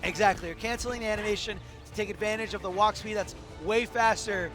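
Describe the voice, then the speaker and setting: A male esports commentator with a high voice, worn and hoarse from long hours on the mic. He explains game mechanics in an eager, self-correcting way. Music plays clearly behind him at the venue. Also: steady tone, fast. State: hoarse, losing his voice. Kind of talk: live tournament commentary. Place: tournament venue.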